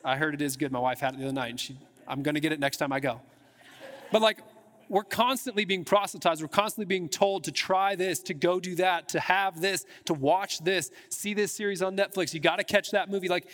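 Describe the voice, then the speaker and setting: High-voiced pastor in a reverberant church. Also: male voice, a little fast, fairly bright tone. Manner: casual, chatty, many restarts and "like" fillers. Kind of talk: conversational sermon. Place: church sanctuary. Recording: long hall reverb in a church.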